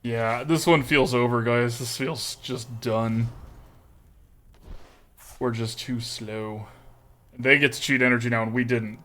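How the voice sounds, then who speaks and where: Streaming a card game, a man jokes and chats with viewers in an exaggerated, put-on Texas drawl, keeping things folksy and casual. His voice sits at medium pitch with a steady tone and a sharp edge, and he talks slowly with long pauses.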